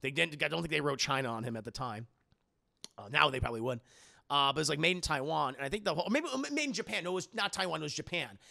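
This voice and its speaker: Excitable, gravelly man in rambling chat. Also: on the high side, racing, no echo, studio quality. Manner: rambling, excitable, swears freely, laughs often. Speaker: podcast host. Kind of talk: casual chat.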